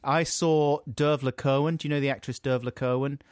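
A man's voice: medium pitch, steady tone, a little fast, a little mellow, clean tone, dry recording, studio quality. A man co-hosting a comedy podcast, playfully reading out listener letters and laughing often in casual chat. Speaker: podcast co-host.

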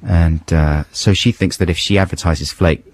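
A man's voice: low voice, steady tone, normal speed, a little mellow, no echo. A man co-presenting a radio show in a studio, chatty and jokey, rambling with restarts. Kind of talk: casual radio banter. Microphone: studio microphone.

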